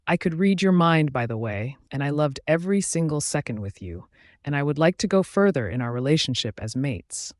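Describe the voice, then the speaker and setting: A man reading the lines of a young male werewolf alpha in an audiobook, gentle and teasing. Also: fairly high pitch, lively intonation, a little fast, dry recording, clean studio sound, lightly acted. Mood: tender.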